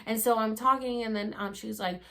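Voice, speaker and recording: A young woman vlogger telling a story to the camera in a casual, animated way, acting out quotes and swearing freely. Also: fairly high pitch, a little fast, creaky. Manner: animated, acts out quotes with sudden loud bursts.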